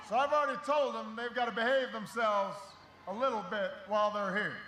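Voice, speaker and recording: Male rally speaker, high bright voice, booming through an echoey venue. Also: a little hiss or hum. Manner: rousing, shouting over a crowd. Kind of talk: campaign rally speech.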